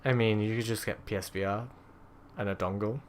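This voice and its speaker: A man co-hosting a casual gaming podcast, chatting in a relaxed, rambling way. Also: fairly low pitch, a little fast, a little hiss or hum. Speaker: podcast co-host.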